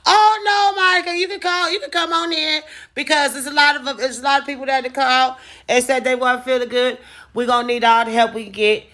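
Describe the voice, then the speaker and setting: A woman's voice: sits high, steady tone, fairly quick, pushed and bright, voice pushed up. A woman voicing her female work boss on the phone, chirpy and pushy. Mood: chirpy, insistent.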